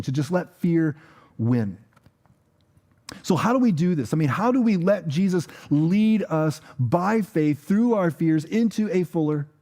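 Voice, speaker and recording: Guy pastor giving a sermon, warm low-key voice, chatty with lots of ums and repeats. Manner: conversational storytelling with frequent fillers and repeated words. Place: church.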